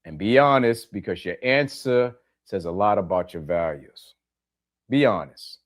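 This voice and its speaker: Expressive and unhurried, his voice on the low side, a middle-aged man hosts a podcast as a reflective monologue. He talks to listeners plainly, reiterating key phrases and asking them questions head-on.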